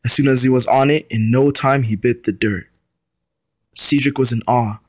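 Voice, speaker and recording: A young man reads his own short story aloud in steady first-person narration. His voice sits at an ordinary middle pitch. The recording is dry and close, with no room echo. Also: normal speed. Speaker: student reader.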